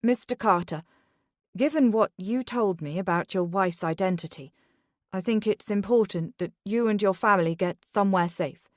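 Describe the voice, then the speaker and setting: A woman voicing a brisk female police detective, formal and clipped. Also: mid-range voice, a little mellow, no echo, clean studio sound, lightly acted.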